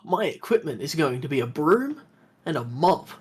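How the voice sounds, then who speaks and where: A man's voice: fairly high pitch, sing-song, normal speed, slightly rough. An Australian man chatting casually on a game stream, rambling with lots of fillers.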